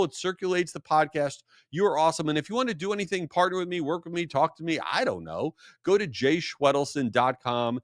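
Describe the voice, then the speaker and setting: A man's voice: medium pitch, moderate pace, no echo. A man hosts a podcast in a loose, rambling monologue. His voice swings up and down with lots of life, and he pokes fun at himself as he goes. The sound is close and dry, with no room around it. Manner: animated, rambling and self-deprecating. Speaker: podcast host. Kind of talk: casual storytelling monologue.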